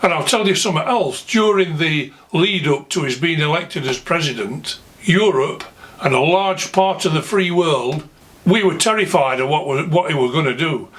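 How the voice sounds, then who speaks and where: An English vlogger with a Yorkshire accent rants angrily to camera about politics, sounding indignant and scornful. His voice sits on the high side, a bit bright, at a moderate pace.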